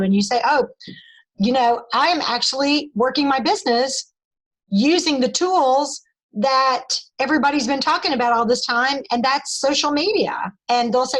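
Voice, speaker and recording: A woman's voice: sits high, normal speed, fairly bright tone, poor audio. A woman leading a team call, talking in an upbeat, encouraging, rambling way while losing her voice.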